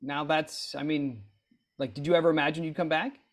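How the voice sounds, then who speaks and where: A man's voice: a little high, fairly even intonation, brisk. A man co-hosting a podcast, asking questions in a hesitant, trailing way. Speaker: podcast co-host. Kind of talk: casual podcast chat.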